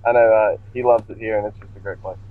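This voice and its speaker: A man's voice: on the low side, steady tone, fast. Eager young man on a tinny phone line. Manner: eager, rambling. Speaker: interview guest.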